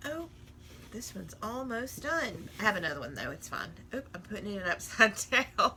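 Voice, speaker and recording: A woman's voice: medium pitch, big pitch swings, moderate pace, sharp tone, slight background noise. A woman in a casual crafting vlog, chatting and rambling while she works, often laughing at herself. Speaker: crafting vlogger.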